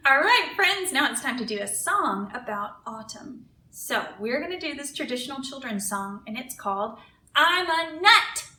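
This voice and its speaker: A children's librarian leading kids in a song, talking in a cheerful and encouraging manner. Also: female voice, high-pitched, very animated, normal speed, pushed and bright. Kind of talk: leading a children's sing-along. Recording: echoey room, far from the mic. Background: ukulele.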